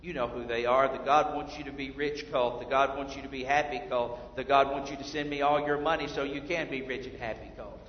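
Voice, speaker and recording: A man preaching a sermon as pastor, swinging between hushed and loud passages. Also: mid-range voice, steady tone, brisk, hardly any pauses, a little hiss or hum. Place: church sanctuary. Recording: echoey hall from far off, dull lo-fi.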